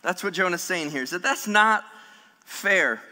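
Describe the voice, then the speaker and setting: A man's voice: sits high, a little slow. Guy preaching in a church hall, acts out voices in the story, lots of echo. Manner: animated preaching, acting out voices of people in the story. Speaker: pastor. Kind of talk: sermon. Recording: long hall reverb.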